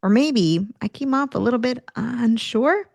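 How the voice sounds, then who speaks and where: A woman hosting a career podcast, coaching listeners in an energetic teaching manner and acting out examples of tone as she goes. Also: a little high, unhurried, creaky, dry recording. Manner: energetic, demonstrates tone shifts, occasional laughs.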